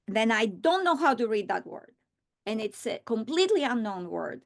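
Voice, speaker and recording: A woman teaching a reading lesson, modeling words slowly and deliberately. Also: mid-range voice, creaky. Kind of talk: instructional lesson.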